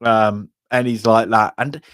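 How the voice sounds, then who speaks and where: Here the co-host's voice is lowish and steady, a little slow, in a dry recording. Chatting casually about films, he wanders off on tangents and belts out lines from scenes with laughs.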